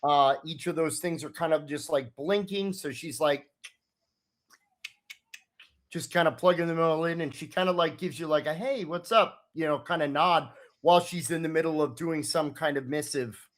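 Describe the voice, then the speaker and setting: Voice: mid-range voice, moderate pace. A game master narrating a tabletop role-playing scene in a loose, rambling way with many fillers.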